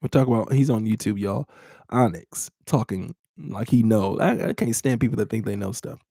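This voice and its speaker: A man's voice: fairly low pitch, normal speed, vocal fry, warm tone, slightly rough, no echo, studio quality. Blunt, teasing man ranting on a podcast. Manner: blunt, teasing, laughs often, repeats phrases. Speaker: podcast host. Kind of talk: casual ranting podcast chat with live chat.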